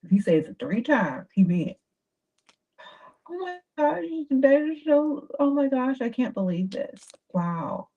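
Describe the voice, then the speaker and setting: A woman giving dating advice in a chatty, animated livestream talk. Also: sits high, unhurried. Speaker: advice host. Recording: dull lo-fi sound.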